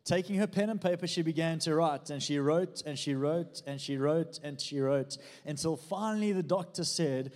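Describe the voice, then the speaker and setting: Pastor preaching in a reverberant church. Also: male voice, a little high, normal speed, few pauses. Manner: fervent preaching with jokes and audience prompts. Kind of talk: sermon.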